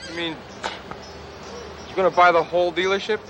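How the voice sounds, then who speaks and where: Actor as a folksy high-voiced car salesman, eager, noisy lot behind. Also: flat delivery, a little fast, close to an everyday voice. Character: chummy male car salesman.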